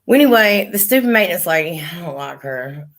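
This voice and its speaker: A woman's voice: fairly low pitch, expressive, fairly quick, fairly bright tone. A middle-aged woman, chatting on a livestream and telling blunt, profane stories. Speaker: livestream host. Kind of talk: casual chat.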